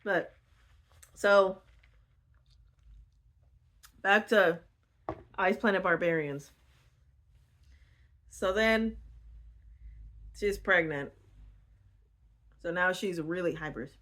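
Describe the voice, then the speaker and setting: A woman casually retelling a book, animated and indignant, laughing easily. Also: lowish voice, extremely slow, long pauses. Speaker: book vlogger.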